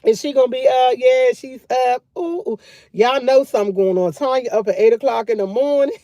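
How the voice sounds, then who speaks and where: Loud chatty woman on a livestream. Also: high voice, a little fast, no echo, studio quality. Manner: loud, laughing, chatty storytelling. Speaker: livestream host. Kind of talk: casual livestream chat.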